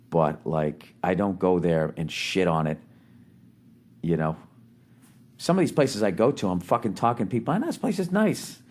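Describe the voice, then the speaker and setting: A man's voice: deep voice, darkish tone. Blunt, profane man ranting comically. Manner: blunt and profane, lots of swearing; loose and rambling, with fillers and restarts. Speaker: podcast host answering a listener's letter. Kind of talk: comedic advice rant.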